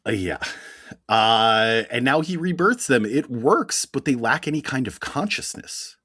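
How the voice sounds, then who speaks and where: A man with a Philadelphia accent co-hosting a podcast, recapping comics in a wry, deadpan way and explaining things through sports metaphors. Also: mid-range voice, a little slow, slightly rough, dry recording, clean studio sound. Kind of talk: casual chat recap.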